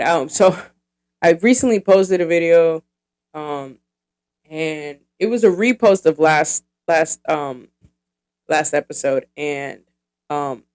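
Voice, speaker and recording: Smooth-voiced woman podcaster in her thirties. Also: deep voice, a little mellow. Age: 30s. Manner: rambling and profane, heavy with fillers. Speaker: podcast host. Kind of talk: casual podcast monologue.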